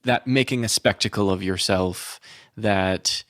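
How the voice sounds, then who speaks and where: A man with a lowish voice hosting a neighborhood podcast. He speaks in a reflective, agreeable way, musing aloud and backing up his guest. The recording is dry and close to the mic. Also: unhurried, a bit bright, dry recording. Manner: reflective, agreeable, thinks aloud with small restarts. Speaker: podcast host. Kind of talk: casual interview chat.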